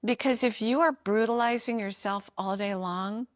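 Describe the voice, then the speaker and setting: A woman's voice: a little high, normal speed, no room sound, studio quality. A woman hosting a podcast, giving an earnest, encouraging motivational talk straight to her listeners. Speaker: podcast host.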